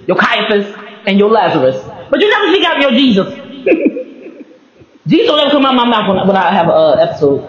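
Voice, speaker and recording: High-voiced man, lively, roomy recording. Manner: rambling, laughs often, restarts mid-thought. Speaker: vlogger. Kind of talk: casual faith-based monologue. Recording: roomy, slightly dull recording.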